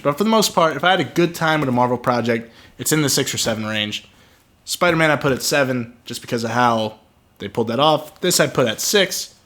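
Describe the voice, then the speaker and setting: A man's voice: a little high, fairly bright tone. A man co-hosting a casual film review podcast, giving blunt, joking opinions. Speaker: podcast co-host.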